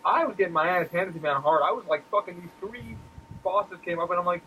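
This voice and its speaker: A man chatting about video games on a podcast. He talks fast and a bit high, with a lot of energy. He jumps into yelping high voices when he quotes himself. A faint hiss sits under the recording. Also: highs cut off. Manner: animated storyteller who acts out quotes in squealing high voices, swears a lot. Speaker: podcast co-host. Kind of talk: casual gaming chat.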